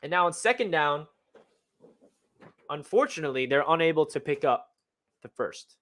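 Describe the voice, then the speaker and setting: A young man excitedly breaking down game film as a fan analyst, talking in a slangy way full of exclamations. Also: a little high, moderate pace.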